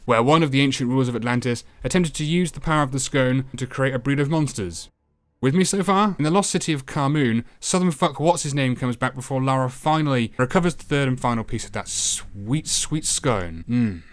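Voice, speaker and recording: A man's voice: medium pitch, a little fast. A British man hosting a retro game review show, giving a comedic voice-over full of sarcasm and swearing.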